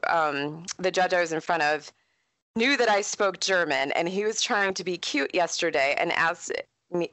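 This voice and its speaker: A woman, an author and historian speaking as a guest in a casual interview, chatty and animated as she tells stories. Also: on the low side, dry recording. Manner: chatty, animated storyteller with frequent laughs.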